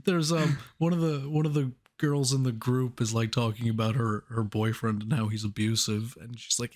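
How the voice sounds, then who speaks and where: Man, podcast co-host, casual movie chat, laid-back, halting, profane, mid pitch. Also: fairly even intonation.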